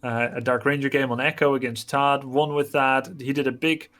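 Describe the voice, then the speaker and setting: A man with a Dutch accent giving animated, analytical live commentary on a strategy game match. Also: mid-range voice, moderate pace. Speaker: esports caster.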